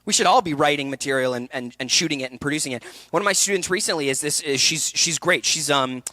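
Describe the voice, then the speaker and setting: A man in his thirties leads an acting workshop with an energetic, animated delivery, darting into quick voices and asides. His voice is bright and tense, sitting a little high, and it is recorded dry and close with little room sound. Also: no echo. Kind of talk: conference talk.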